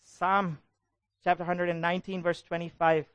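Animated preacher. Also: male voice, fairly high pitch, normal speed, long pauses, no echo. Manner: animated, asks the congregation questions and calls for answers. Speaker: pastor. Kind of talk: sermon.

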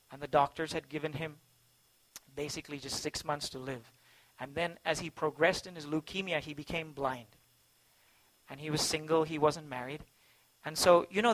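Man, from India, preacher, sermon, high voice, bright and forceful, quiet stories, loud exhortation, tag questions to the congregation. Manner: swings between quiet storytelling and loud, rising exhortation. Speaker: pastor.

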